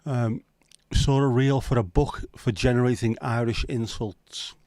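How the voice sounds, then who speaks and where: A man hosts a casual livestream, ribbing his viewers with easygoing, teasing humor. His voice sits at an ordinary middle pitch. The sound is close and dry, with no room echo. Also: steady tone, unhurried, darkish tone. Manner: joking, teasing banter with viewers. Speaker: livestream host.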